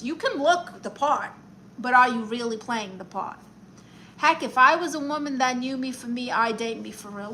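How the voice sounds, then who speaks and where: A woman's voice: on the high side, bright, forceful tone, slight background noise. A woman with a New York accent hosting a casual livestream, reading comments aloud and giving advice in a sassy, theatrical auntie manner. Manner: sassy, theatrical auntie, calls viewers honey and darlings.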